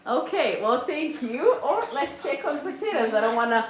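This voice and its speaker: Cooking in her echoey home kitchen, where faint noise can be heard, a middle-aged woman runs a casual livestream. She's a mom of a big family who chats with viewers, reads their comments out loud and laughs a lot. Her voice is high-pitched and expressive, at a normal pace.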